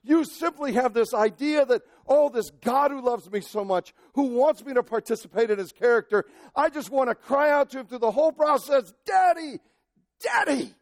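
A male pastor preaching a sermon, impassioned, moving from shouted cries to near-quiet asides. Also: very high voice, normal speed, few pauses, no room sound, clean studio sound.

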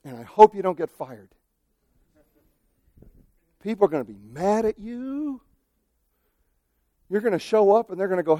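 A male pastor preaching a sermon, animated, acting out quoted voices and swinging from loud to hushed. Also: high-pitched, measured pace, pauses often, no echo, studio quality.

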